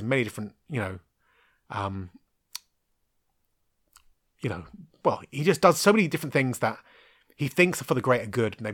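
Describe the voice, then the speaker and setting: Male podcast host, 30s, rambling chatty review, lots of ums, dry close sound, mid pitch. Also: a bit bright, no room sound. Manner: rambling, frequent ums and restarts, frank with mild swearing. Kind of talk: casual solo podcast film review.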